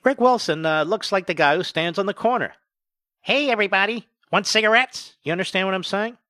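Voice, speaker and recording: A man hosting a talk radio show with sarcastic, mocking commentary that swings between loud jabs and quiet asides. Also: high voice, lively intonation, fast talker, dry recording.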